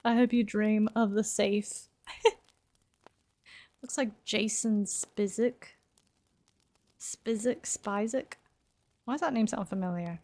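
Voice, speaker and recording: Giggly woman streamer, slow drawl. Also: medium pitch, darkish tone. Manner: giggly, chatty, reacting and bantering with game. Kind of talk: live game streaming commentary.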